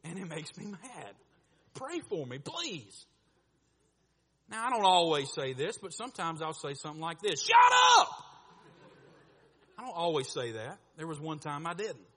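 A man preaching, his voice high and bright. He moves between quiet asides and loud, animated bursts, sometimes acting out other voices. The sound carries the long reverb of a church hall. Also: normal speed. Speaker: pastor. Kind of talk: sermon.

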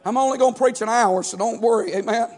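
A man's voice: fast, a little mellow. A man preaching a sermon as pastor, with a chanting cadence broken by frequent "amen" and "uh". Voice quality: high-pitched for a man.

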